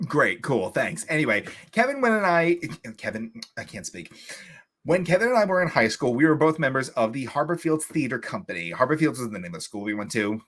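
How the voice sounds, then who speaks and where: A man's voice: medium pitch, very animated, a little fast, fairly bright tone. A man from Long Island co-hosting a podcast, telling stories animatedly in casual chat and swearing freely. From Long Island, New York. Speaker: podcast co-host.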